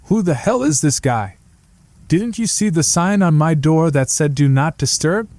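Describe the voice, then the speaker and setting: A man voicing a cocky male ventriloquist dummy with a slight Boston accent, smug and sharp-tongued. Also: a little high, expressive, unhurried, dry recording, voice pushed up. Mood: irritated.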